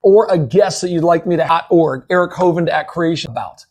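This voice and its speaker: High-voiced, effusive male webinar host. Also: fairly quick, darkish tone. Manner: eager and effusive, with many fillers. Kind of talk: upbeat guest introduction.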